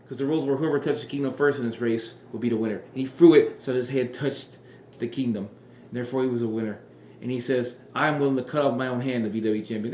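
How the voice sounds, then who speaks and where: A man's voice: medium pitch, darkish tone, roomy sound, slight background noise. A man casually reviewing an old wrestling show, sarcastic and profane, rambling.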